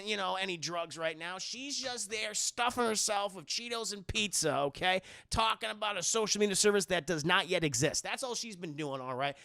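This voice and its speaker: High, gravelly-voiced streamer recapping to chat. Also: male voice. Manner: profane, animated retelling, addresses chat. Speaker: streamer host. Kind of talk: casual livestream film recap.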